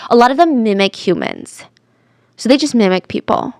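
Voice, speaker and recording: A chatty woman tells a true crime story in a lively, casual way, and now and then drops to a whisper for effect. Her voice is a little high and sits close and dry, with no room sound. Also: moderate pace, no room sound.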